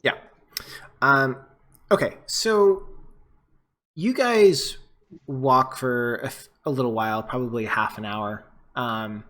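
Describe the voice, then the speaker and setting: A man's voice: medium pitch, a bit bright. A man running a tabletop game as game master, describing scenes in a casual, rambling way with many fillers.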